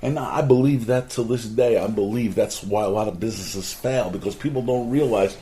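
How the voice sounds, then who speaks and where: A man's voice: on the low side, moderate pace, slight background noise. A man telling his own life story as a monologue, earnest and a little preachy, whose voice jumps up sharply whenever he quotes someone. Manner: animated storyteller whose voice jumps up sharply when quoting people; earnest, preachy asides about life lessons. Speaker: former garden center owner telling a life story. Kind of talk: personal anecdote monologue.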